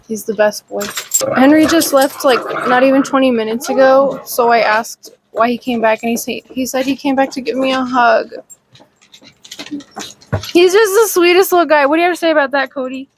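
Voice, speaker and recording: A chatty woman films a casual vlog at home, her voice sitting a touch high. She coos at her dogs between remarks, and a clear hiss of home noise runs under everything. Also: brisk. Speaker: vlogger, animal rescuer. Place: home kitchen. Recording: noisy home recording.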